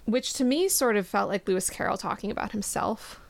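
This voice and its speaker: A woman's voice: medium pitch, expressive, fairly quick, gravelly. A woman hosting a podcast, chatting casually about a book, laughing easily and reading passages aloud. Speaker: podcast host. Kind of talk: casual book discussion chat.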